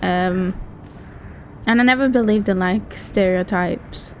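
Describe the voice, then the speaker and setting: A woman's voice: medium pitch, slow pace, darkish tone. A woman with an English Midlands accent chats casually as she streams a game, rambling and laughing easily. Her voice sits mid-range, with faint noise underneath. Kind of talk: casual gaming chat.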